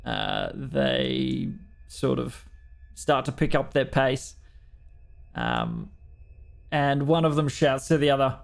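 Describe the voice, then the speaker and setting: An Australian man running a tabletop game as dungeon master, unhurried and fumbling with the software between rulings. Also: mid-range voice, very animated, vocal fry, faint music behind.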